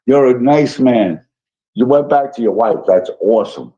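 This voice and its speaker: A man's voice: mid-range voice, animated, normal speed, warm tone. A man hosting a casual livestream, reading chat messages aloud and answering them in a rambling, apologetic way with many fillers. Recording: dull lo-fi stream audio.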